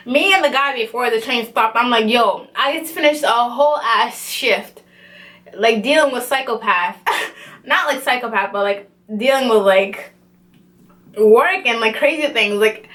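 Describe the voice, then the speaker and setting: A young woman vlogger telling a story in a casual, animated way, with lots of slang and swearing. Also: a little high.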